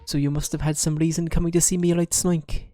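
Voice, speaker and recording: A man voicing a cheerful female pig villager in a game, in a put-on Welsh accent with a high, sing-song tone. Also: level tone, a little fast, mellow, close to an everyday voice. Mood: chirpy.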